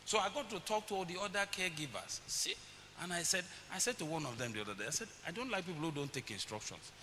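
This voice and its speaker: A middle-aged man preaches in a bright, forceful voice that sits a little high. He tells stories and acts out voices. The sound rings with the long reverb of a church hall, over a faint hiss. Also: animated, quick pace. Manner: storytelling, acts out his children's voices. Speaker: pastor. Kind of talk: sermon.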